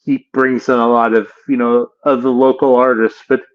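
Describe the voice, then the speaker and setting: A man hosting a casual interview, who talks in a halting way with frequent restarts. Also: mid-range voice, level tone, muffled recording. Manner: halting, many fillers and restarts. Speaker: interview host.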